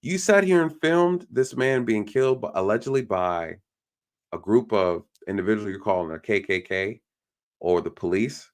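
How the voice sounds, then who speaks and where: A man's voice: lowish voice, lively intonation, moderate pace. A man doing casual online commentary, ranting in an exasperated, irritated way to his viewers. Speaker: YouTube commentator.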